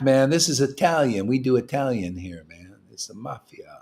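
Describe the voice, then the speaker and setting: A man giving an informal, animated spiritual talk to a group, streetwise in tone and swinging between loud bursts and hushed asides. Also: mid-range voice, unhurried, hardly any pauses. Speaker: spiritual teacher leading a devotee meetup. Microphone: livestream mic.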